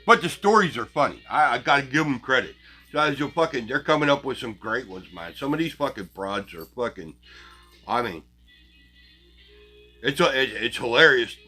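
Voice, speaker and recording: A man's voice: mid-range voice, expressive, moderate pace, sharp tone, breathy edge, soft background music. A man hosting his own show, ranting bluntly and crassly at his viewers with heavy profanity and scornful laughs. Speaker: channel host. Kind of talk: profane casual rant to viewers.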